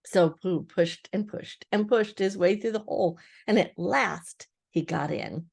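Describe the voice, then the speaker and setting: A woman's voice: mid-range voice, unhurried, vocal fry, darkish tone, slightly rough. Grandmother reading a storybook aloud. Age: older.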